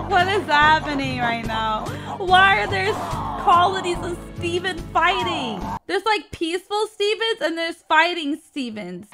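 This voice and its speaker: A woman's voice: extremely high pitch, lively intonation, slow pace, sharp tone, faint music behind. A woman hosting a casual reaction video, exclaiming, laughing and talking back to the screen. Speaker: host reacting to a cartoon. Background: faint cartoon audio underneath.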